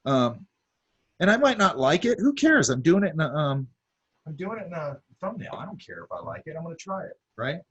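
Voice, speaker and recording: A man's voice: fairly high pitch, very animated, a little fast, fairly bright tone, husky, muffled recording. A man teaching a drawing class, talking casually as he sketches, with lots of fillers and asides. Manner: talks while drawing, many fillers and asides. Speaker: art instructor.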